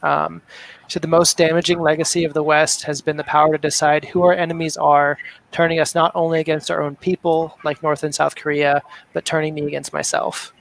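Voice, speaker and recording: A man speaks in a casual book discussion. His voice is fairly high with a strong gravelly fry. He talks in a thoughtful, reflective way. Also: flat delivery, fairly quick, rough recording. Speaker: book club member.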